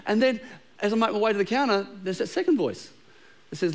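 Casting: man, middle-aged, high voice, easygoing preacher who jokes and trips over words. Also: expressive, brisk. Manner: conversational and humorous, with frequent repeated words. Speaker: pastor. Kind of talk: sermon. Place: church auditorium with a live congregation.

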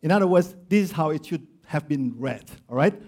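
A man delivers a sermon as a pastor, his voice sitting high for a man. He pushes key phrases out loudly and then sinks to low, hushed tones to drive a point home. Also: expressive, normal speed. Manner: preaching with swings from loud emphasis to low quiet stress; acts out quoted voices of grumblers and of Jesus.

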